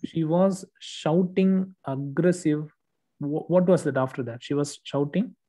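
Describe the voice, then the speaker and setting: A man's voice: on the high side, measured pace, mellow. A man tutoring one student, correcting written work patiently and checking understanding often. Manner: patient, explanatory, frequent "okay" checks. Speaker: English test tutor.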